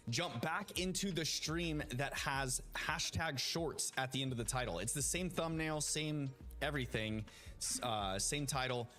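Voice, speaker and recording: A man talks casually to his live stream audience, cheerful and calling out viewers by name. His voice sits a little high with a slightly bright quality, and soft music plays behind him.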